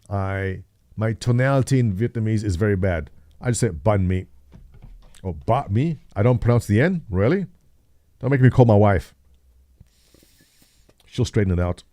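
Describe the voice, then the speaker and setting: A man's voice: medium pitch, dark tone, dry recording. A man in his thirties, host of a livestream, chatting casually and jokingly, answering viewers by name. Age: 30s. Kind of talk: casual chat with live chat readers.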